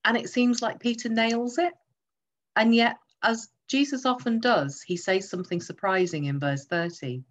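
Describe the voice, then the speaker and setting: A woman's voice: mid-range voice, normal speed, muffled recording. A woman preaching a sermon, emphatic and teaching through rhetorical questions.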